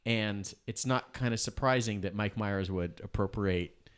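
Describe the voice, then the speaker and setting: A man's voice: on the low side, unhurried, smooth. A man co-hosting a podcast in casual chat, rambling and correcting himself as he tells stories. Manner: rambling, self-correcting storyteller. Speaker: podcast co-host.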